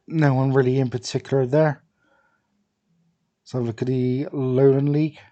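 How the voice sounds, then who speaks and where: A young man casually commenting on a football management game, thinking aloud with many fillers and pauses. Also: mid-range voice, little pitch movement, dark tone, dull audio. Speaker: gaming video creator.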